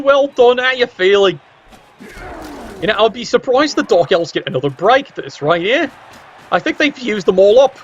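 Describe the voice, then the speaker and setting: A man doing play-by-play commentary of a video game match, with cheeky, sardonic asides and sudden jumps up in pitch. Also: a bit bright, highs cut off, a little hiss or hum.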